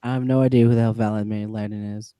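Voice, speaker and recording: A man's voice: lowish voice, flat delivery, fast talker, warm tone, smooth, no room sound. A man co-hosting a casual livestream chat, laid-back and self-deprecating. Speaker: co-host.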